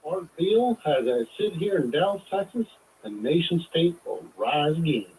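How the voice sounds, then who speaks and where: A man calling in to a radio show, firing off a quick, excited list of advice. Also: on the high side, far from the mic, a little hiss or hum, rough recording. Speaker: caller. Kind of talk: call-in talk radio.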